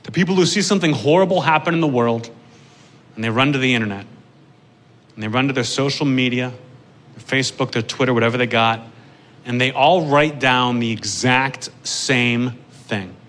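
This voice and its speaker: A man doing a stand-up comedy set on stage, profane and building to shouted rants. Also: medium pitch, normal speed. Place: comedy club stage with a live audience.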